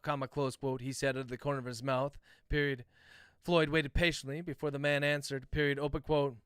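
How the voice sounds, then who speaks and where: Bright, crisp-voiced man dictating a novel. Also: mid-range voice, a little fast, dry recording, clean studio sound. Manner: dictates prose aloud, speaking punctuation marks; relaxed, chatty asides to viewers. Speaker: author.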